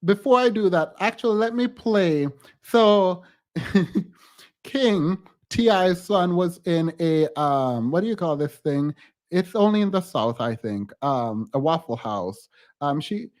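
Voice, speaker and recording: A man's voice: high-pitched, lively intonation, takes it slowly. A man hosting reaction commentary, blunt and critical, with scoffing asides as he plays and judges clips. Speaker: host.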